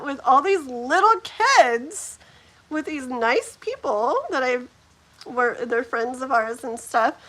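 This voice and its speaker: A middle-aged woman with a high-pitched voice tells a story on her live stream. Her talk is casual and animated, full of laughter and "like". She acts out the people in her story as she goes. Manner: animated, laughing often, heavy use of "like". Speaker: host of a live challenge stream.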